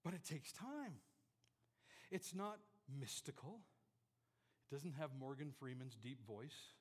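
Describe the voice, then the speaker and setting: A man preaching a sermon to a congregation, animated, swinging from loud to hushed and joking with the listeners. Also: medium pitch, a little slow, pauses often, breathy edge, in a large hall. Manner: jokes with the congregation. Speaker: pastor. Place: church before a congregation.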